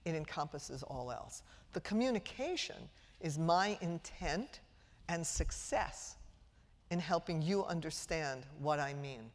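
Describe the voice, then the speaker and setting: A low-pitched, middle-aged woman from Brooklyn gives a public lecture on language in a large hall, and her voice rings with a long reverb. She speaks in a theatrical, witty way and draws the audience in with questions. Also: animated, unhurried. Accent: trained-out Brooklyn New York. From Brooklyn, New York. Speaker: speech-language pathologist giving a lecture. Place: large auditorium before a live audience.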